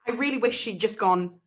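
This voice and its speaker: Lively woman telling a story. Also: mid-range voice, husky. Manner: animated, acts out quoted voices. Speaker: podcast co-host. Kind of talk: casual storytelling chat. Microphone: home mic, live streamed call.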